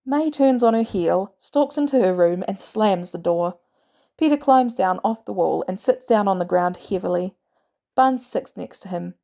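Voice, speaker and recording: A woman reads a fan audiobook aloud, calm and measured in her narration. Her mid-pitched voice carries a noticeable gravelly fry. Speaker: podfic narrator.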